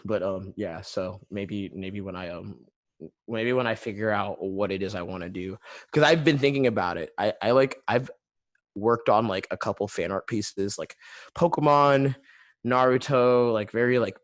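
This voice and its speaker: Low-voiced guy rambling on a video call, tons of fillers. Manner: rambling, heavy use of "like" fillers. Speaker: guest artist and musician. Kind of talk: casual video-call interview.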